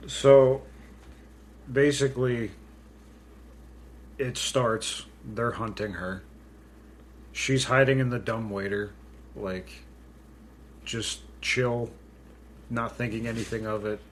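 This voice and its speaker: A man's voice: mid-range voice, fairly even intonation, takes it slowly, long pauses, a little hiss or hum. A man co-hosting a podcast in casual chat, retelling movie scenes loosely and swearing freely. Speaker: podcast co-host.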